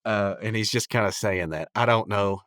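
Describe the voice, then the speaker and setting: A man's voice: on the low side, moderate pace, a bit bright, no room sound, studio quality. A man hosting a podcast, recapping a cartoon episode in a rambling, chatty way full of restarts. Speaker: podcast host.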